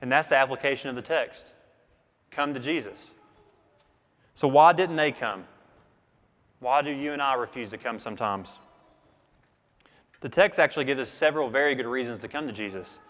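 A man's voice: mid-range voice, normal speed, pauses often, fairly bright tone, in a large hall. A man preaching a sermon in an earnest, emphatic way, repeating key phrases for weight. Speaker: pastor.

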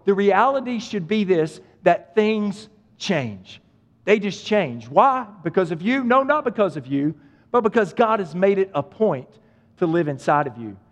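A man's voice: sits high, muffled recording. A male pastor preaching a sermon, speaking with emphatic repetition and addressing the listeners directly. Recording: long hall reverb.

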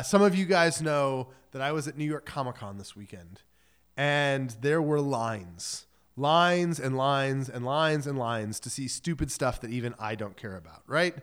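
A man pastor giving a sermon in a casual, joking storyteller manner. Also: on the high side. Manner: casual, joking storyteller who acts out quotes.

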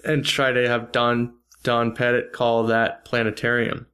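Friendly smooth-voiced male guest. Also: medium pitch, measured pace. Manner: friendly, relaxed. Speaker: podcast guest. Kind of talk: casual podcast chat.

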